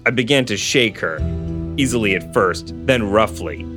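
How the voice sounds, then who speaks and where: A man reading a novel aloud in steady first-person narration, with dry asides to a co-host. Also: fairly low pitch, normal speed. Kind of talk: storybook reading with casual commentary. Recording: guitar music under the voice.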